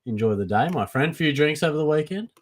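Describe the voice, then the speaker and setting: A young Australian man hosting a casual live Q&A for a fantasy football stream, chatty and relaxed, calling everyone mate. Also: on the high side, fairly quick. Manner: laid-back and chatty, calls everyone mate. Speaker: fantasy football livestream host. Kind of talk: casual live Q&A, reading chat questions.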